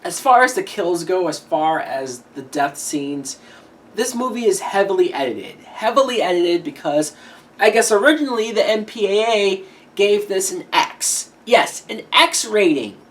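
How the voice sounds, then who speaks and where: A woman's voice: mid-range voice, animated, measured pace. A woman giving a casual horror movie review, blunt and swearing freely, often laughing as she talks.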